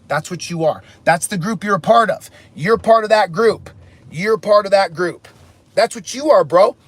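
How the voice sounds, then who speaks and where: A man's voice: high-pitched, a bit bright. A man on an angry rant, furious and preachy, who swears and repeats himself over and over. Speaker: guest who checks in.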